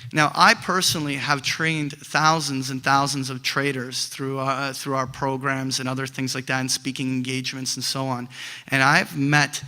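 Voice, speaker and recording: Bright-voiced middle-aged male trading instructor. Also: mid-range voice. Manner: animated storytelling, many fillers and restarts. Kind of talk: lecture with acted examples.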